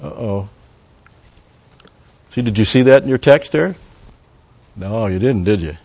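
A low-pitched man delivers a verse-by-verse sermon in an easy, conversational way. He drifts into Hebrew word studies and drops wry asides to his listeners. The recording is muffled and lo-fi. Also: expressive, unhurried, darkish tone, slightly rough. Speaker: Bible teacher.

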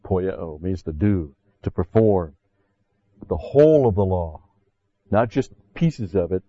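A man's voice: low-pitched, expressive, takes it slowly, dark tone, dull audio. A man preaching a sermon as pastor, talking conversationally with frequent "see" asides and rising emphatically when he quotes scripture.

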